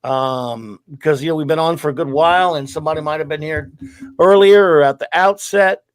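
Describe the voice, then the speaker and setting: A man hosts a loose, chatty live show, his voice sitting high for a man. He rambles and pokes fun at himself, and the sound is dry and close, with no room echo. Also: brisk. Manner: rambling, self-deprecating joker. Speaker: host. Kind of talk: casual livestream chat.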